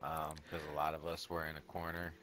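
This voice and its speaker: A man's voice: extremely low pitch, completely flat delivery, a little fast, fairly bright tone, faint music behind. A man rambling and mocking himself while playing a game with friends. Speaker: player. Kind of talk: casual gaming chat.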